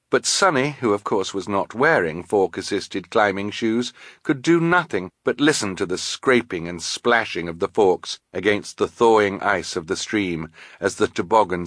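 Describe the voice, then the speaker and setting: Man, audiobook narrator, wry, expressive, lowish voice, animated, dry close sound. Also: no room sound. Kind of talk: scripted narration.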